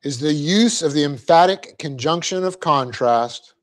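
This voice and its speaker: A man teaching a Bible class, dictating the verse and its punctuation slowly and adding joking asides. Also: fairly high pitch. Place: church classroom.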